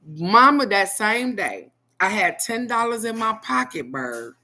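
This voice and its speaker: Middle-aged lady doing a live card reading, bright voice, big laughs, cussing, chatty. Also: mid-range voice, unhurried. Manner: loud, animated, swears freely, laughs big. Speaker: tarot card reader on a live stream. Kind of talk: casual live-stream chat. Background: faint background music.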